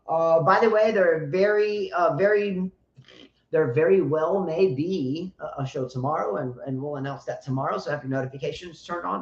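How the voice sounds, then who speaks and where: A man with a high voice co-hosts a casual live tennis stream, animated and profane as he rallies the viewers. The sound is roomy and slightly dull, like lo-fi live-stream audio. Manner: animated, loose and profane, hypes up the chat. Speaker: co-host of a live tennis chat show.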